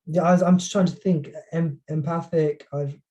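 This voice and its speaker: A young student talks openly in a career coaching session. His voice is very dark and mellow, and he is self-deprecating and halting, often restarting his sentences. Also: a little high, fairly even intonation, highs cut off. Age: young adult.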